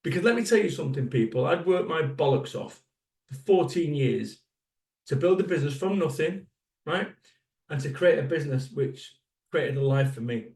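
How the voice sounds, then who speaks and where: A fifties man delivers a motivational keynote, blunt and sweary and firing rhetorical questions at the crowd. His voice sits a little high for a man. It carries from a distance in an echoey hall. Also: lively intonation, moderate pace, creaky, darkish tone. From Salford, England. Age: 50s. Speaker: motivational speaker.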